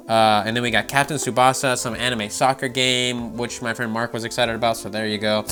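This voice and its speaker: A man's voice: medium pitch, a bit bright. A man giving casual, sarcastic commentary on gaming news, swearing freely and laughing often.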